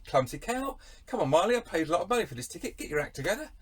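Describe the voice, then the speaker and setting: A man's voice: high voice, sing-song, racing, slightly rough, pitched above the performer's own voice, heavily acted. A man voicing a fed-up concert-goer who heckles a performer in an indignant voice.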